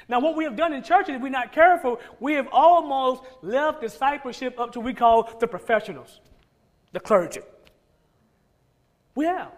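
A man's voice: extremely high pitch, animated, moderate pace. A male pastor preaching a sermon, emphatic and repetitive, firing off rhetorical questions.

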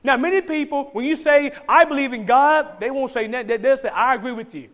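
High-voiced Georgia-accented preacher. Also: male voice, a little fast, a bit bright. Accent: Southern US, Georgia. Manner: emphatic, repeats key phrases for stress. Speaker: pastor. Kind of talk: sermon.

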